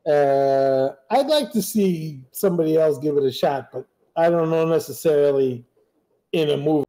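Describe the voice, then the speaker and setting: A man with a notably high voice trades eager, argumentative points in a loose chat with friends. He talks fast and keeps pushing his case. The sound is casual and chatty. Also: lively intonation, mellow, roomy sound.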